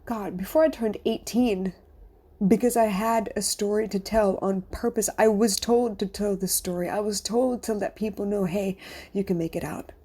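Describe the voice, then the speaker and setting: Middle-aged woman coach talking to the mic, husky mellow voice, earnest and confessional, slips into whispers. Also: mid-range voice, steady tone, moderate pace. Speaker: life coach and podcast host. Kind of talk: personal monologue podcast.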